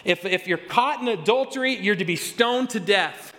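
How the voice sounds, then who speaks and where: A man's voice: sits high, normal speed, sharp tone, in a large hall. A man preaching a sermon as pastor, talking conversationally, restarting and repeating words and stressing key phrases.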